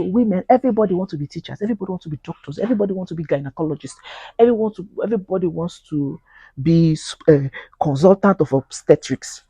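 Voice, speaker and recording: Nigerian woman, vlogger, mellow low voice, husky, dry close sound, animated, pleading. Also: quick pace, no echo. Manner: animated, acts out quoted voices in Pidgin; earnest and pleading. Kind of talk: casual talk to camera.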